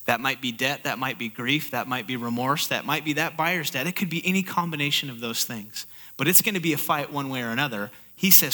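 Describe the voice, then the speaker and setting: A man preaching a sermon, animated, acting out inner voices and building to urgent exhortation. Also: mid-range voice, a little fast. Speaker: pastor.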